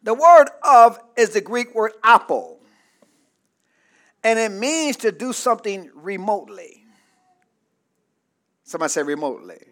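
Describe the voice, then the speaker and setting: High-voiced, bright preacher man. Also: lively intonation, unhurried, pauses often. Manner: calls for congregation responses, builds to shouting peaks. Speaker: pastor. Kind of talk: sermon.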